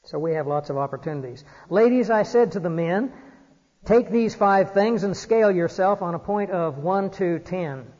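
Earnest preacher in echoing hall. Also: male voice, high voice, expressive, normal speed, darkish tone. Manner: earnest, exhorting, frequent "uh" fillers. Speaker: pastor. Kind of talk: sermon. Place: church. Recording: dull recording in a reverberant church hall.

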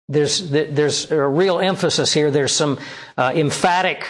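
A male pastor preaching a sermon, reading scripture aloud and pressing the congregation with rhetorical questions. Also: high-pitched. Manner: reads scripture aloud and explains it.

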